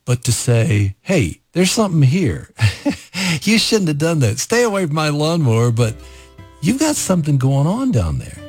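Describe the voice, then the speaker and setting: A man's voice: mid-range voice, darkish tone, no echo, studio quality. A man hosting a devotional talk, speaking earnestly and reflectively about scripture. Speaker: host. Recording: music bed under voice.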